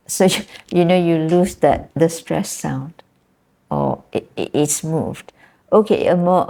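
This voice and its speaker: Malaysian English woman lecturer, unhurried and patient, mellow low voice, keeps checking students follow. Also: vocal fry, slight background noise. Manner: patient, repeats examples, checks understanding with tag questions. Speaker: university lecturer. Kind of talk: classroom lecture.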